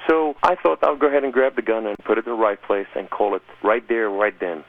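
Gravelly man, phone-line radio sound. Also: fairly low pitch, fast talker. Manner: emphatic, impassioned storytelling. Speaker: interview guest. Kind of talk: personal conversion testimony.

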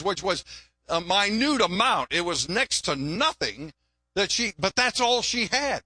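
An older male pastor preaching in a folksy, joking way and often repeating words. His voice sits high and bright, and the sound is dry and close. He mixes humor with teaching. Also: very animated, a little slow, slightly rough, dry recording. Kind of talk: sermon.

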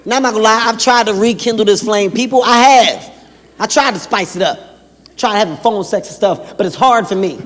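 A man doing stand-up comedy in an animated, conversational way. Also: sits high, a little fast. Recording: stage in a hall with crowd.

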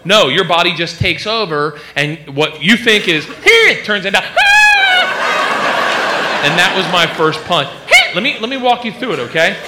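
A man doing a stand-up comedy routine, acting out characters and shouting punchlines. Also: sits high, fairly quick, few pauses. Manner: animated, switches to acted-out voices and shouted punchlines. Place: live comedy stage before a large audience. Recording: live show with loud crowd laughter and noise. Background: loud audience laughter.

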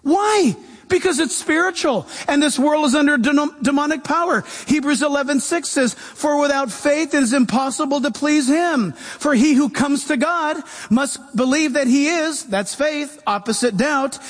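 A man preaching a sermon as a pastor, animated and shifting voices as he makes his points. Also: very high voice, normal speed, big-room sound.

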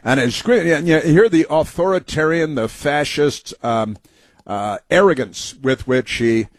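A man's voice: fairly high pitch, unhurried, no room sound. A man hosting a talk show, giving heated, mocking opinion commentary full of fillers and restarts.

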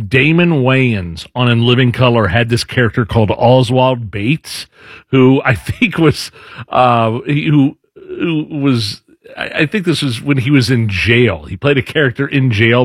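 A man's voice: mid-range voice, no echo, clean studio sound. A man hosting a casual political commentary show, talking loosely with restarts. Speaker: show host.

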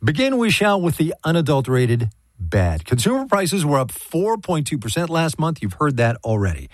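A man's voice: fairly high pitch, huge pitch swings, normal speed, dry recording. A man hosting a radio news program, presenting in a wry, conversational way with playful emphasis. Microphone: studio mic.

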